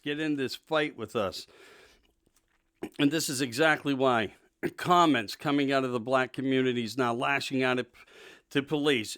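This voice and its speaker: A man's voice: medium pitch, normal speed, fairly bright tone, clear, resonant tone. A male host giving an emphatic, indignant political monologue, repeating himself for emphasis. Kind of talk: political talk show monologue.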